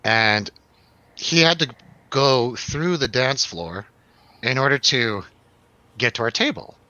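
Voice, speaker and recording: A man's voice: mid-range voice, animated, takes it slowly, pushed and bright, no room sound, dull audio. A man hosting a radio show, telling a rambling, laughing, swearing story in a casual chat.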